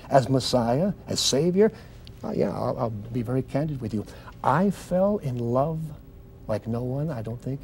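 An older man telling his testimony as a guest in a TV interview, fervent and swinging between loud and soft like a preacher. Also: medium pitch, a little hiss or hum.

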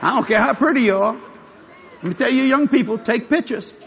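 A man preaching a sermon, telling a funny story with frequent chuckles and shouted punchlines. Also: very high-pitched, a little fast, a loud crowd, very noisy. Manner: animated, chuckling, shouts for emphasis.

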